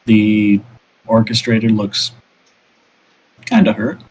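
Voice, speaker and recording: Low-voiced man running a tabletop game. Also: takes it slowly, a little mellow, a little hiss or hum, rough recording. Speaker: game master.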